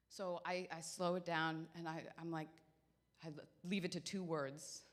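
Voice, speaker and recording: A woman doing stand-up comedy, telling stories in a brash, profane, animated way. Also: deep voice, normal speed.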